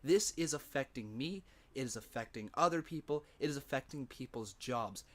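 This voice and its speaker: A man narrates a casual vlog at a middling pitch, sounding chatty and earnest. He jokes around freely between the more serious remarks. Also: animated, moderate pace. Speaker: YouTuber in his own older videos.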